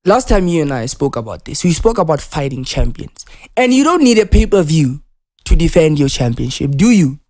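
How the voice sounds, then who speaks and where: A man's voice: fairly high pitch, big pitch swings, normal speed, a little mellow. A man co-hosting a casual wrestling podcast, insistently cross-examining and talking over his partner. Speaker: podcast co-host.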